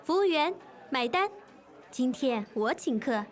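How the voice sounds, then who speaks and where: A woman's voice: high voice, expressive, unhurried, a faint crowd. A woman acting a young diner in a scripted lesson dialogue, politely insisting on paying the bill. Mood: insistent. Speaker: dialogue actor.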